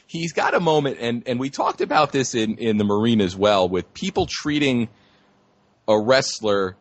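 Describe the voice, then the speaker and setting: Lively-voiced man in dry film chat. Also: medium pitch, normal speed, dry recording. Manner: enthusiastic, chuckling agreement. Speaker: podcast co-host. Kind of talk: casual movie review chat.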